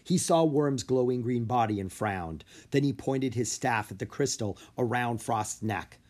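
A man narrating a children's book aloud in an expressive storytelling way. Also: mid-range voice, unhurried. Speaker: audiobook reader.

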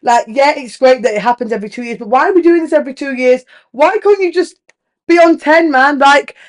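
Frank, animated woman podcast host. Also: high voice, a little fast. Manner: frank, emphatic, swears casually; animated storytelling with lively rises. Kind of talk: candid relationship podcast monologue.

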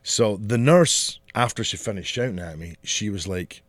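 A man co-hosting a podcast, telling a story in casual, profane, animated chat. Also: lowish voice, moderate pace, hardly any pauses, no echo. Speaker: podcast co-host.

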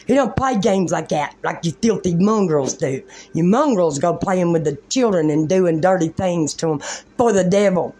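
A woman's voice: fairly low pitch, expressive, moderate pace, dark tone, slightly rough. A woman delivering a rambling religious monologue in a fervent, preachy way, using colloquial, folksy grammar.

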